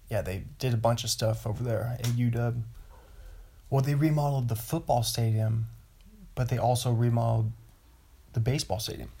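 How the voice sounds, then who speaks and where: A man's voice: mid-range voice, gravelly, mellow. A man from the Pacific Northwest hosting a casual podcast monologue, meandering from topic to topic and chuckling to himself. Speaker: podcast host.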